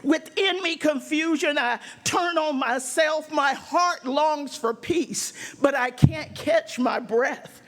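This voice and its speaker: A woman performs a spoken word poem in a high, intense voice. She takes her lines slowly and rhythmically, and the delivery builds to raised, forceful moments. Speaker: poet.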